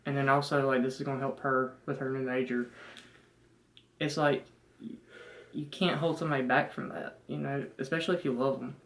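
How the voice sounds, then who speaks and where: Young Southern man, country accent, earnest rambling, flat delivery. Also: mid-range voice, brisk, rough recording. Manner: rambling, heavy fillers, earnest. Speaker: fiancé, guest. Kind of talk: casual chat.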